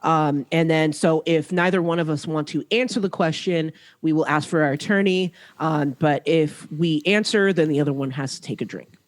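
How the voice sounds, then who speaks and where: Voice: mid-range voice, moderate pace, few pauses. A podcast host in their thirties who laughs often and explains game rules with enthusiasm. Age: 30s. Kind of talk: casual chat.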